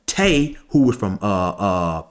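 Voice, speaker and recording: A man's voice: lowish voice, sing-song, takes it slowly. A man telling a personal story in a loose, conversational way, with frequent asides. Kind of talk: casual storytelling.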